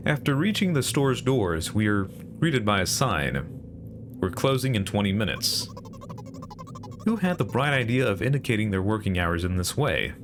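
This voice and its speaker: A man's voice: lowish voice, very animated, moderate pace, hardly any pauses, over music. A man narrating a story game in the first person, with a dry, sarcastic tone.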